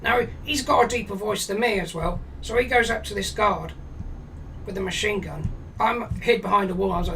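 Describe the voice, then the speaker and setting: A British man with a high, gravelly, bright voice spins a crude comic tale. He talks in a flat, deadpan way and swears freely. He sits a little back from the mic, and a faint hum runs underneath. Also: normal speed, distant mic, low-quality recording. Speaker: streamer telling a comic story. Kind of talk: rambling comic storytelling.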